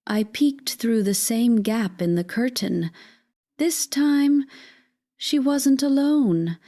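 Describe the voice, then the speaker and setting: A woman giving a measured, scripted first-person dramatic narration as a storyteller. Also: on the high side, expressive, mellow, no echo, clean studio sound.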